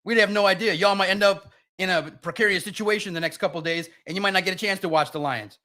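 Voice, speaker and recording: A man's voice: sits high, fast talker, bright, forceful tone. A man hosting a live sports podcast, ranting bluntly and emotionally about a team's loss while reading viewer comments.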